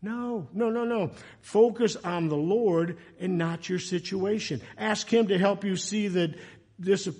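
A man preaching a sermon in a chatty, animated way, breaking into loud, emotional passages. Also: sits high, measured pace, husky. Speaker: pastor.

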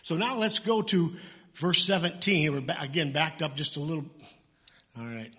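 A male pastor preaches in a church with a slightly high voice. His delivery is loose and chatty, full of restarts and self-corrections as he moves through the passage. He speaks easily to his congregation and slips in small jokes. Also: normal speed, sharp tone, big-room sound. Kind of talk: sermon.

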